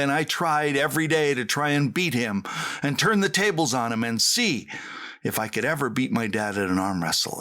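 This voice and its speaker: A middle-aged man from Canada hosting a podcast, telling a motivational story with dramatic pauses and repeated rallying refrains. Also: mid-range voice, pushed and bright. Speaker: podcast host.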